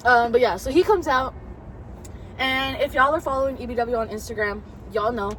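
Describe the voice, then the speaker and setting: A woman's voice: a little high, moderate pace, slight background noise. A woman co-hosting a casual wrestling review, bantering playfully with her co-host. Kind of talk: casual chat.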